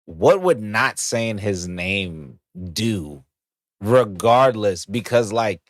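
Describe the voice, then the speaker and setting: A man's voice: fairly low pitch, animated, extremely slow, no echo, studio quality. A man co-hosting a podcast, chiming in with blunt, profane jokes in casual chat. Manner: blunt, profane, riffing interjections. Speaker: podcast co-host.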